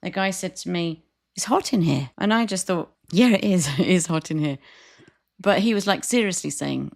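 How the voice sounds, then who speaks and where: A woman's voice: on the low side, expressive, moderate pace, creaky, darkish tone. A woman with a New Zealand accent, co-hosting a podcast as a chatty storyteller who laughs often. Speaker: podcast co-host. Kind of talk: casual chat.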